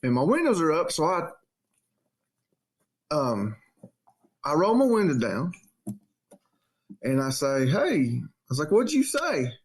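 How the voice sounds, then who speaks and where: A man's voice: slow, long pauses. A man casually telling a story on a podcast and acting out the quotes in a raised voice. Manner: animated storyteller, acts out quotes in a high voice. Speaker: podcast co-host.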